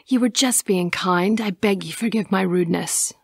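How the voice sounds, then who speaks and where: A woman's voice: medium pitch, moderate pace, gravelly, breathy edge, no echo, clean studio sound. A woman voicing an innocent, nervous young village maiden who speaks in old-fashioned, polite phrases in an audiobook. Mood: pleading. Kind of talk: audiobook character voice.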